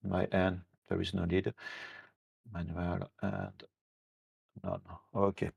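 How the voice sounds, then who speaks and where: A man who is not a native English speaker, demonstrating software on a live stream, halting, with many fillers and self-corrections. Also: sits low, little pitch movement, creaky, breathy edge, dull audio. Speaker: software team member demonstrating features.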